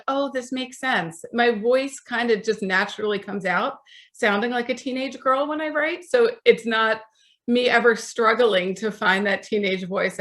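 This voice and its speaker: A woman in her forties speaks as a guest author in a podcast interview, her voice at a middle pitch. She tells her stories in a chatty way and acts out the voices of people she quotes. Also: fairly bright tone.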